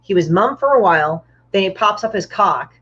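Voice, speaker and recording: A woman's voice: medium pitch, animated, normal speed, a bit bright, husky. Blunt, foul-mouthed woman on a dull call. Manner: blunt, profane storytelling. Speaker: guest comic artist. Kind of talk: casual chat.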